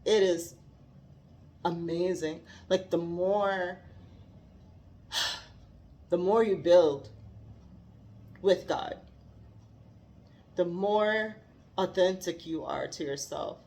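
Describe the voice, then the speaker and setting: A woman's voice: fairly low pitch, drawn-out words, long pauses, a little mellow. A woman talking earnestly about faith and growth, heartfelt and given to laughing. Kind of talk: reflective faith talk.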